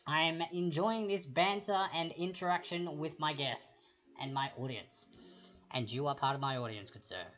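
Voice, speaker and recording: A woman's voice: low-pitched, normal speed, fairly bright tone. Woman, quiz host, rambling chatty asides, lo-fi stream audio, music behind. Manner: chatty, rambling asides, repeats each question. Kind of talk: casual livestream chat reading quiz questions.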